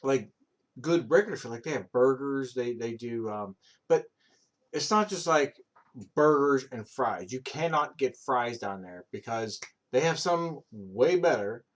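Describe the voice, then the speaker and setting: A man's voice: medium pitch, lively intonation, measured pace. A man in his thirties chatting casually on a stream, rambling and swearing freely, with many ums. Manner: rambling, filler-heavy, profane storytelling. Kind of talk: casual chat.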